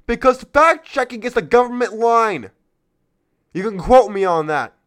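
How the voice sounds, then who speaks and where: A man's voice: sits high, expressive, a little slow, fairly bright tone. A man hosting a political commentary podcast, talking in a heated, sarcastic rant. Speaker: podcast host.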